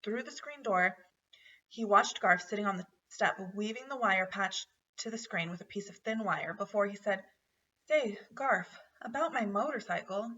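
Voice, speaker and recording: A woman reading a children's book aloud with steady storytelling. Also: medium pitch, normal speed. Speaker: narrator. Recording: dull, distant home recording.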